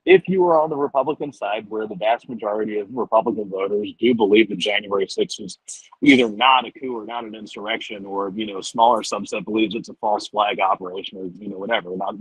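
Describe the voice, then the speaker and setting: A man who is a political journalist and biographer, answering at length in a rambling, animated way with many fillers and restarts. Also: lowish voice, brisk, slightly rough, dry recording. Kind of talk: conversational interview answer. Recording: dull, muffled remote audio.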